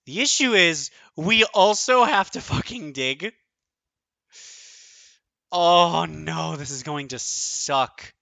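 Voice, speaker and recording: A man streaming his own online card game tournament, thinking aloud, counting out numbers and swearing often, his voice going a bit hoarse. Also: on the high side, expressive, slow, pauses often, pushed and bright, no room sound. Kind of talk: excited live commentary of own play.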